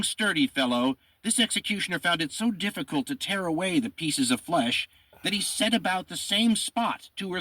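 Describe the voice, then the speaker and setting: A man with a slightly husky voice narrates history, reading old eyewitness accounts with dramatic emphasis. His pitch rises when he quotes and drops low for his own remarks. The sound is dry and close. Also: pushed and bright, no room sound. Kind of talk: reading sources aloud with commentary.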